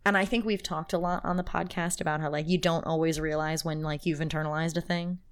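A woman's voice: sits low, flat delivery, quick pace, clean tone. A woman co-hosting a podcast, talking in a casual, emotional and rambling way with many restarts. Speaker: podcast co-host. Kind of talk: casual chat.

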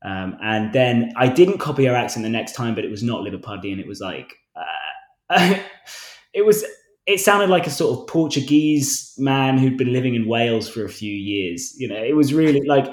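A man's voice: medium pitch, expressive, normal speed. This is a man in his twenties, an actor guest chatting loosely on a podcast. He rambles, restarts his sentences and laughs at himself. His mid-range voice carries a noticeable roomy echo. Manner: self-deprecating storyteller, frequent restarts and laughs. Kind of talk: casual interview chat.

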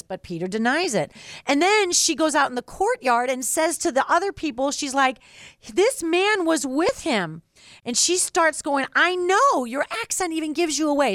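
A woman with a slightly high voice gives a devotional talk on the radio. She is expressive and reflective. The sound is dry and close. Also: dry recording. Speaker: regular contributor.

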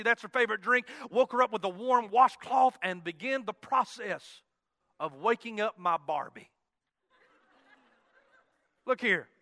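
A man preaching a sermon in a folksy, animated storytelling manner. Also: very high-pitched, no echo.

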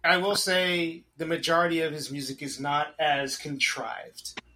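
A man hosting a podcast, chatting casually and cracking quick jokes between his points. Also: on the high side, pushed and bright. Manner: joking, laughs easily, cuts in with quips. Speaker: podcast host. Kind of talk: casual conversation.

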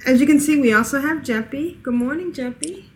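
A woman with a fairly high voice hosts a relaxed podcast and laughs easily between sentences. She talks loosely and informally into a desk microphone, and a faint hiss sits under her voice. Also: fairly quick. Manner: giggly, laughs often between lines. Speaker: podcast host. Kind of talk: casual chat.

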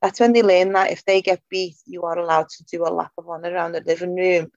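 A woman's voice: on the low side, steady tone, quick pace, a little mellow, no echo. Cheeky woman on a dull call line. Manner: cheeky, blunt, laughs often. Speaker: podcast co-host. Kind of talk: casual chat. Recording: dull remote call audio.

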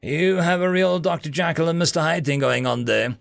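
A man voicing a young male familiar who talks in an earnest, halting, hesitant way. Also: fairly high pitch, vocal fry, fairly bright tone, dry recording, clean studio sound, voice pushed up.

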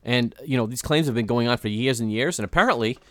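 A man's voice: mid-range voice, quick pace, a bit bright, dry recording, studio quality. A man co-hosting a podcast, relaxing into a haunted history with fillers and jokes. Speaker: podcast co-host. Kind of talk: casual storytelling chat.

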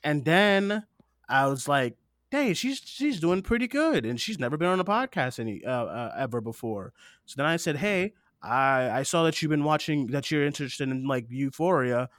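A man's voice: fairly high pitch, lively intonation, normal speed, fairly bright tone, no room sound. A man with a slightly raised voice hosts a podcast, rambling earnestly and swearing casually as he gets teary-eyed. He speaks close into a desktop mic, and the sound is dry. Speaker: podcast host. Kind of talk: casual chat.

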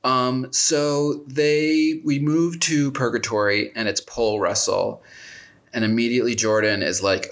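A man's voice: medium pitch, steady tone, a little slow, a bit bright. A man co-hosting a casual chat, recapping a show in a rambling, wry way and often correcting himself. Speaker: podcast co-host.

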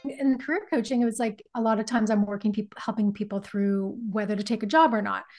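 A woman's voice: medium pitch, fairly even intonation, a little fast, darkish tone, soft background music. A woman podcast host who works as a career coach, casually talking through advice step by step. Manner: encouraging, talks through options step by step.

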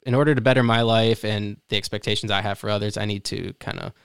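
A man's voice: lowish voice, fairly even intonation, fast, fairly bright tone, clean tone, no room sound, studio quality. A man around thirty hosting a casual interview, reflecting back what his guest says in a thoughtful way. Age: 30s. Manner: thoughtful, summarizing, restarts often. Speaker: host.

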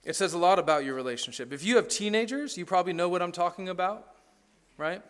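A middle-aged man delivers a sermon in a loose, conversational style, with a voice that sits high for a man. He mixes wry sarcasm with earnest points and keeps checking in with his listeners. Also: fast talker, a bit bright, smooth. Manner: conversational, sarcastic humor, asks "right?" often. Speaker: pastor.

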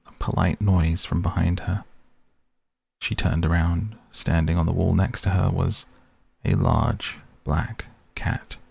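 A man narrates a storybook in an unhurried, deliberate way. His voice sits very low with a deep gravelly crackle. The recording is dry and close. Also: a little mellow, no room sound. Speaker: audiobook narrator. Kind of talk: scripted narration.

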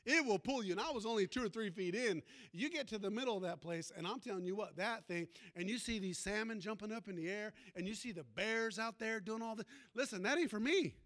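A man's voice: high-pitched, fairly quick, hardly any pauses, a bit bright. A man who is a pastor, preaching a sermon in a folksy storytelling way and calling out to the congregation.

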